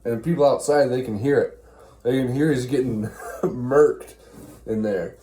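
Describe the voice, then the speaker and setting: A man rambles through a crude, comedic retelling of an ancient play while chewing gum. His voice is mellow and sits at a middling pitch. The sound carries a roomy echo. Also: measured pace. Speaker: storyteller.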